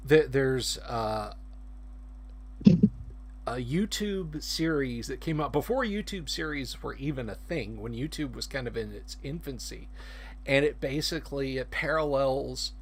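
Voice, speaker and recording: A man co-hosting a casual chat, halting and restarting as he searches for words. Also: medium pitch, a little hiss or hum. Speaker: co-host.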